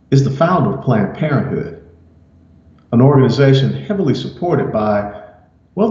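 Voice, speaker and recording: Offering political opinion commentary, a man speaks in a measured, emphatic manner, pressing on key words. His mid-range voice is warm and mellow, and the recording comes across roomy and slightly muffled.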